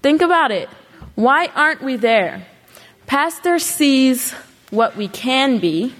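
A woman with a slightly high voice delivers an earnest sermon, exhorting her listeners with a run of rhetorical questions. Her words ring out with a long reverb, as in a large hall. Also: expressive, takes it slowly, a bit bright. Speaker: congregation speaker.

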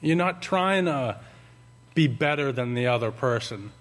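A man voicing a friendly old man in his seventies giving slow, earnest advice. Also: medium pitch, lively intonation, fairly bright tone. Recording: long hall reverb.

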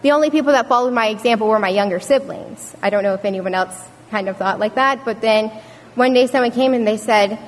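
A woman's voice: a little high, fairly quick, a little hiss or hum. A young woman giving an earnest prepared speech to an audience, telling a personal story. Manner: earnest, storytelling with acted quotes. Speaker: student speaker. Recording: reverberant hall.

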